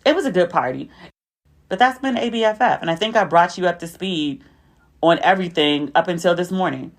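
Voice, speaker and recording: A woman hosting a podcast, telling stories in a chatty, animated way with asides to her listeners. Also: fairly low pitch, a little fast. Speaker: podcast host. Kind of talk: casual storytelling recap.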